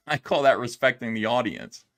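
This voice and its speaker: A man's voice: medium pitch, moderate pace, fairly bright tone. A middle-aged man streaming commentary, ranting with profanity and lots of fillers. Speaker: streamer reacting to a video. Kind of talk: casual livestream commentary.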